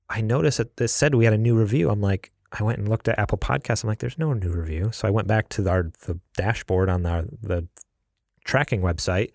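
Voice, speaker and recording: A man with a fairly low voice chats on a gaming podcast, loose and unhurried, full of "uh" and "like". The sound is dry and close, with no room around it. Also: creaky, a little mellow, dry recording. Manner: laid-back, rambling with many fillers. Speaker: podcast co-host. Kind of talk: casual podcast chat.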